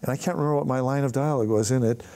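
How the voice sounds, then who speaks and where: This older man talks very fast in a mid-range voice, an animated storyteller who voices the characters in his tales. He's a film writer-director appearing as a guest in an on-stage conversation before an audience.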